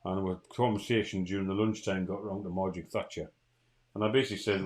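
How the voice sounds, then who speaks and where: A man's voice: on the low side, fast. A middle-aged man with a Geordie accent hosting a casual livestream chat, telling stories bluntly. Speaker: show host.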